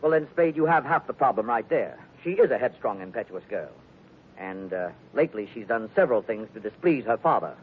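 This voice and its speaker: An actor playing a pompous, fussy doctor. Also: male voice, mid-range voice, animated, fairly quick, a little hiss or hum, close to an everyday voice. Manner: pompous, hesitant with uh's. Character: fussy, smooth-talking male doctor, pompous. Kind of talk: 1940s radio acting. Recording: tinny old radio broadcast.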